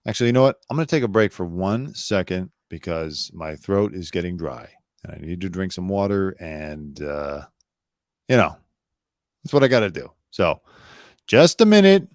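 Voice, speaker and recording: A man's voice: low-pitched, animated, normal speed, no echo, studio quality. A man hosting a live news commentary show, blunt, sarcastic and opinionated, talking loosely with fillers and asides.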